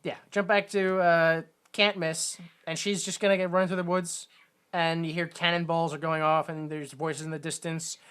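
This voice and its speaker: A woman chats through a film recap on a podcast, rambling and swearing freely. Her voice sits on the low side for a woman. She keeps a loose, joking tone. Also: little pitch movement, normal speed, a bit bright, smooth. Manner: rambling, laughing, swearing, acts out quotes in a goofy raised voice. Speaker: podcast co-host. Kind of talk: casual movie recap chat.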